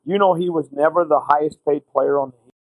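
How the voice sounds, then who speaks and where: Man, middle-aged coach, storytelling guest, fairly high voice, dry close sound. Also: fairly even intonation, fairly quick, dry recording, narrow, tinny audio. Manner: anecdotal, retells conversations in quotes. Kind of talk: interview storytelling.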